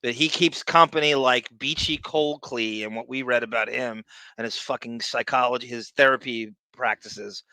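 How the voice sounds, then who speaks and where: Male podcast co-host, sarcastic and profane, with a sharp, bright voice. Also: mid-range voice, steady tone, moderate pace, no echo, rough recording. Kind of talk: casual podcast commentary.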